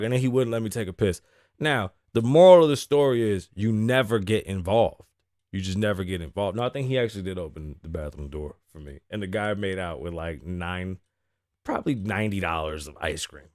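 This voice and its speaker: A man's voice: lowish voice, expressive, a little fast, a little mellow, no room sound, studio quality. A man hosting his show, telling a casual, profane story time with lots of laughing. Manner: laughs often between lines. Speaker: host.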